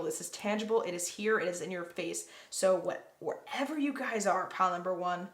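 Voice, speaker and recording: A woman's voice: medium pitch, fairly bright tone. Gushing woman giving a tarot reading. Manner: gushing, emotional, addresses viewers as guys. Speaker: tarot card reader. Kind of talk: pick-a-card tarot reading.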